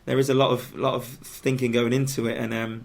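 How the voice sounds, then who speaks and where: Halting, friendly man chatting on radio. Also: medium pitch, flat delivery, gravelly. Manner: halting, many restarts and fillers. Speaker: footballer guest. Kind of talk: casual radio chat. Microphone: studio microphone.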